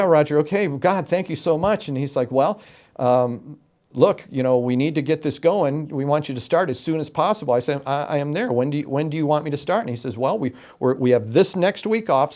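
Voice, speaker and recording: A middle-aged man from Florida, an interview guest telling his story with animated, emphatic delivery and acted-out quotes. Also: fairly high pitch, brisk. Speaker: interview guest, game show announcer.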